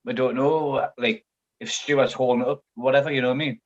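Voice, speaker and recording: Man, mid pitch, muffled lo-fi sound, unsure and filler-heavy. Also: steady tone, brisk. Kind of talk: casual live panel chat.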